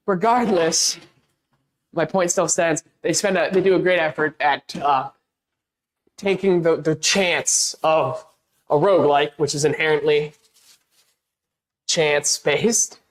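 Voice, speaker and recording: A woman live streamer in casual chat with her audience, rambling with lots of restarts, laughing at herself while she paints a wall. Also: low-pitched. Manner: self-deprecating and laughing easily.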